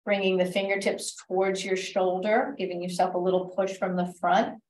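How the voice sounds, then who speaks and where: A woman instructor guiding a stretch class with calm, step-by-step cues and gentle reminders, recorded in a library class room. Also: mid-range voice, moderate pace. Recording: echoey room, voice from a distance.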